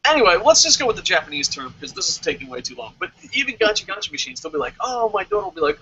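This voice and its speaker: Brief: bright, breathy male host, lively and profane, lo-fi audio. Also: sits high, rapid-fire, few pauses. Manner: animated, swearing, jokey with sung sound effects. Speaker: podcast host. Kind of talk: casual chat. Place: lives in Japan.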